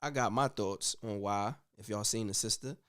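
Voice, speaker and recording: A man hosting a casual commentary show, talking in an animated, slangy way with frequent "you know what I'm saying.". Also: on the low side, moderate pace, clean tone. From United States. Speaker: host.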